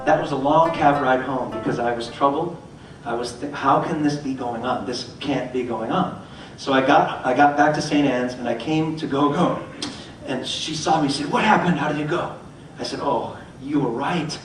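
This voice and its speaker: A man's voice: medium pitch, moderate pace, faint music behind. A middle-aged man, a motivational speaker, telling a story on stage and acting out the voices of the people in it. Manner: animated, acts out voices in his stories. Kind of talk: storytelling talk. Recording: echoey hall, mic from far off.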